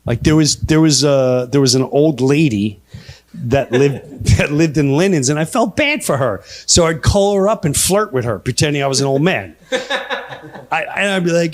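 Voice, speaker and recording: A middle-aged comedian rants on stage, his voice sitting high for a man and swinging wildly up and down. He keeps breaking into loud, shouted voices for his bits. The delivery is restless and full of energy. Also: moderate pace. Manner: animated ranting, jumps into loud shouted voices. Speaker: stand-up comedian. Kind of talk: live stand-up comedy.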